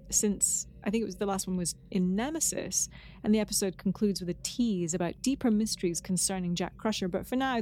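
A woman co-hosting a podcast, chatting casually and enthusiastically with lively asides. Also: mid-range voice, a little hiss or hum. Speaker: podcast co-host.

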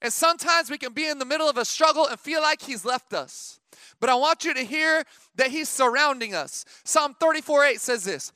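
A middle-aged male pastor preaching a sermon, his voice unusually high and bright. He talks to the congregation like a conversation, then presses his points with emphatic calls. The sound is dry and close. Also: lively intonation, brisk, dry recording. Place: church.

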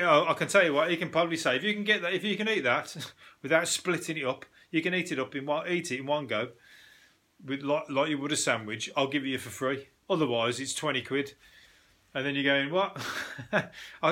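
A British man hosting a casual news podcast, ranting and joking in an animated, sweary way with laughing asides. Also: a little high. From Britain. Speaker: podcast host.

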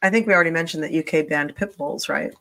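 A woman's voice: deep voice, fast, fairly bright tone. A woman hosting a talk show, chatting casually with many fillers and restarts. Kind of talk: casual chat.

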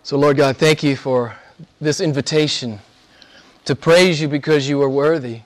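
A man delivers a sermon and prayer to a gathered congregation. His voice sits a little high for a man. He is earnest and draws out his important words slowly. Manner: earnest, slows and stretches key words for emphasis. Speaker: preacher.

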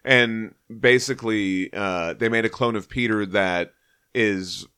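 A man's voice: fairly low pitch, unhurried, bright, forceful tone, clear, resonant tone. A man co-hosting a casual podcast, easygoing and encouraging the others to share stories. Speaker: podcast co-host. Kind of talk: casual chat.

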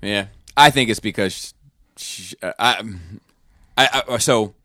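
Rambling man, low voice, dry sound. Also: unhurried, pushed and bright, no room sound. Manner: rambling, filler-heavy, many restarts. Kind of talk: casual chat.

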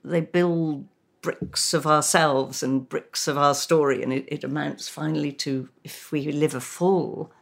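A woman, an author, with a fairly low voice. She reads her own prose with real feeling, and in conversation her talk stays thoughtful and measured. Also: steady tone, gravelly. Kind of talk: book reading and radio chat.

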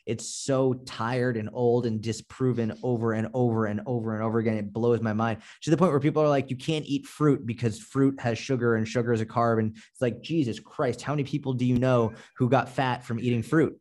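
A man with a Boston accent chatting on a podcast as a fitness coach. He talks bluntly and with plenty of profanity, working up into an animated rant. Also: medium pitch, fairly quick, few pauses. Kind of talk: casual podcast chat.

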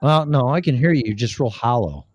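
A man's voice: medium pitch, lively intonation, fairly quick, muffled recording, a little hiss or hum. A man hosting a casual podcast, talking in a rambling, profane way while fiddling with his audio gear. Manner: profane, rambling, distracted by equipment. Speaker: podcast host. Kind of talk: casual chat.

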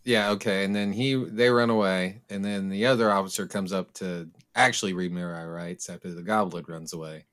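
A man's voice: sits low, fairly even intonation, fairly quick, few pauses, a bit bright. A man co-hosting a comedy podcast, teasing and setting up bits. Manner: teasing, prompting others into bits. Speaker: podcast co-host. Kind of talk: casual comedy podcast chat.

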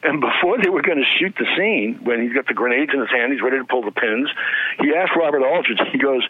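A man's voice: mid-range voice, quick pace, breathy edge, no echo. Man telling stories down a phone line. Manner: animated storyteller acting out quotes. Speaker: author guest. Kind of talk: casual interview chat.

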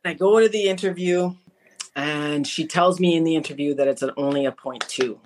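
Woman from manitoba telling her faith story on a podcast, animated, acts out the conversations as she goes. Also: low voice, a little fast, a little hiss or hum. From Manitoba, Canada. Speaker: interview guest. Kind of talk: personal faith testimony in a podcast interview.

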